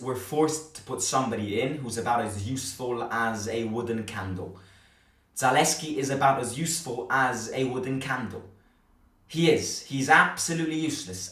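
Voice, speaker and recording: A man's voice: mid-range voice, a bit bright, far from the mic. A man hosting a football fan channel, giving a heated, blunt post-match reaction rant, swearing and repeating himself. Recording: roomy, a little off the mic.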